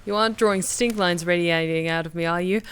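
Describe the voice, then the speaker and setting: A woman voicing a calm, unbothered player character with a dry, matter-of-fact delivery. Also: lowish voice, a little fast, clear, resonant tone, lightly acted.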